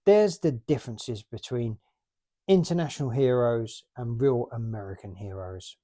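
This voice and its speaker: A man's voice: mid-range voice, moderate pace, mellow. A man in his late forties from the UK, chatting casually and rambling about his toy collection. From United Kingdom. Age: 40s. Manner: rambling, chatty, self-mocking.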